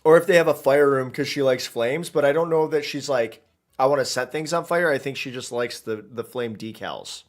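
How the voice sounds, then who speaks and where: A man's voice: medium pitch, moderate pace, few pauses. A man giving casual, rambling commentary while streaming a game, chatty and self-interrupting, into a desk mic.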